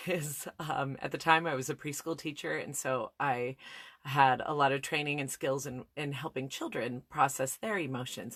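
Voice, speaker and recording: A woman in her thirties with a low voice shares a personal story in a reflective, candid way. She often restarts her sentences mid-thought. The recording is dry and close, with no room sound. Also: a bit bright, dry recording. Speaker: speaker on listening skills.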